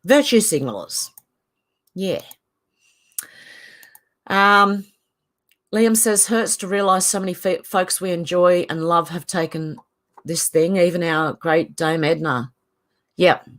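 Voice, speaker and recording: A middle-aged Australian woman hosts a casual livestream on her channel, reading viewer comments aloud and offering chatty, opinionated takes while laughing often. Her voice is lowish and a bit bright, and she speaks slowly with long pauses.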